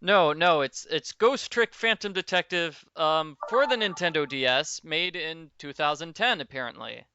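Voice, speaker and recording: A man's voice: on the high side, normal speed, few pauses, pushed and bright, clear, resonant tone, no echo. A man hosting video game commentary, explaining the game patiently, with frequent ums and self-corrections. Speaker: let's play host. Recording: dull lo-fi recording. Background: game music.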